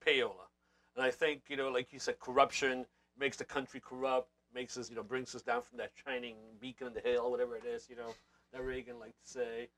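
A man's voice: mid-range voice, level tone, fairly quick, fairly bright tone. Musing male podcast co-host. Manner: musing, thinking aloud. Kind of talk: podcast panel discussion.

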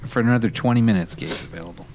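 A man's voice: lowish voice, racing, darkish tone. A man in a casual car chat who asks questions and makes dry, reasonable points.

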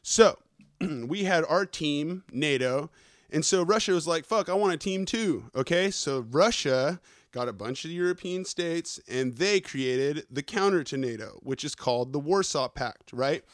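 A man hosting a podcast who rambles through a casual news rant, swearing constantly, talking fast and wired on coffee and checking in with his listeners. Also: on the high side, expressive, dry recording, studio quality. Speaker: podcast host.

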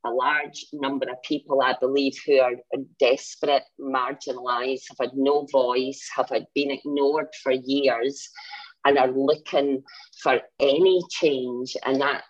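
A woman with a low, husky voice, speaking earnestly as her thoughts ramble and build in passion. The recording is dry and somewhat dull. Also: steady tone, measured pace, no room sound. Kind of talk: casual opinionated talk.

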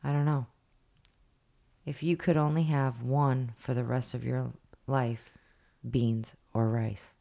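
This is a woman co-hosting a laid-back podcast. Her voice has a gravelly, creaky texture. She talks in an easygoing way but keeps losing her words and filling the gaps with ums and likes. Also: a bass voice, fairly even intonation, warm tone. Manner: halting, gropes for words with fillers. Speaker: podcast co-host. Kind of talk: casual chat.

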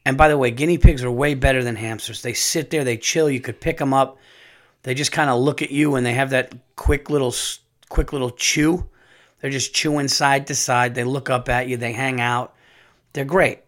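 A man hosting a comedy podcast, telling family stories in a rambling, animated way with some profanity. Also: mid-range voice, moderate pace. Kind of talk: casual comic monologue.

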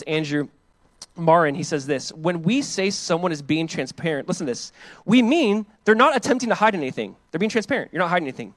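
A man preaching a sermon as pastor, casual and animated, acting out the voices of the people in the passage. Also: sits high, dry recording. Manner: animated, acts out quoted voices; casual preaching with many fillers.

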